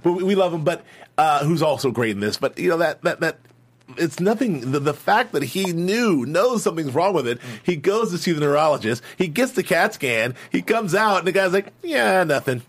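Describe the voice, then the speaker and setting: A man hosting a casual podcast chat, animated and repeating words as he thinks. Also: a little high, a little fast. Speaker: podcast host. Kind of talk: casual chat about a TV series.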